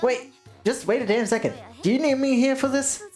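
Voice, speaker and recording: A woman voicing an outraged young female clan leader in a game story, with high, sharp protests. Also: fairly quick, soft background music, lightly acted. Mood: indignant.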